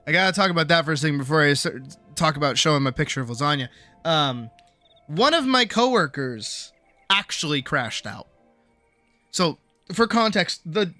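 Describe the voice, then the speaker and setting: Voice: medium pitch, pushed and bright. A young adult streamer telling a work story in casual chat, swearing freely and acting out quoted voices.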